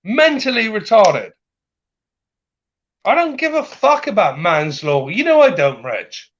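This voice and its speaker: A man on a livestream, in an angry, heated rant full of swearing and shouting at times. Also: high-pitched, wildly swooping pitch, normal speed. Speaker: livestream guest. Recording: dull lo-fi sound.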